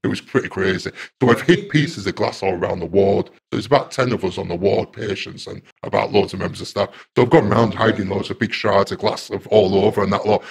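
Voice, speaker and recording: Male interview guest, low-pitched, repetitive storyteller, noisy crowd in the background. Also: brisk, gravelly, hardly any pauses. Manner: rambling and repetitive, grows loud and agitated. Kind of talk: casual first-person storytelling.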